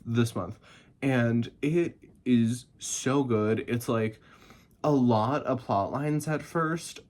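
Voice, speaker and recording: A man chatting casually about books he loved, gushing and excitable, laughing and swearing a lot, and a bit tired. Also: mid-range voice. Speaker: book reviewer. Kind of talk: casual chat.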